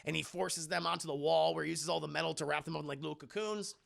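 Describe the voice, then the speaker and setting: Animated, gravelly high-voiced male streamer. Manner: animated and profane, quickly acting out characters' lines. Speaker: streamer and film reviewer. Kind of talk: casual scene-by-scene movie recap to live chat.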